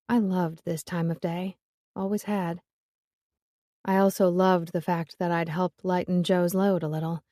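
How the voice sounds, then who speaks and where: A woman's voice: on the low side, warm tone, no echo, clean studio sound. A woman narrating a romance audiobook in first person, in a wry, conversational manner.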